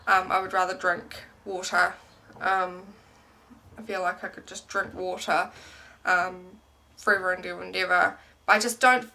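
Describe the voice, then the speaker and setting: A gravelly yet bright and forceful mid-range voice belongs to a young woman sharing a casual pregnancy update vlog. She rambles to camera, her speech sprinkled with many "um"s and "like"s.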